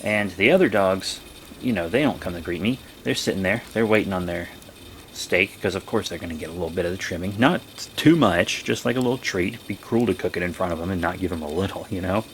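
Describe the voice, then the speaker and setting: A young man vlogging, telling a rambling story in a casual way and breaking into high, excited exclamations. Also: quick pace, a little hiss or hum.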